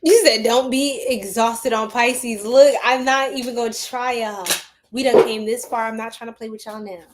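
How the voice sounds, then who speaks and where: Chatty woman reading tarot, higher voice. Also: steady tone, normal speed, background noise. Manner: chatty and slangy, laughing often. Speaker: psychic tarot reader. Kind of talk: casual tarot reading to viewers.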